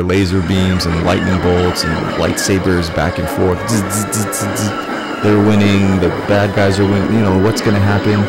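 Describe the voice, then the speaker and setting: A man ranting in a casual, profane, rambling way that builds to excited shouting. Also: low voice, gravelly. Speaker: vlogger.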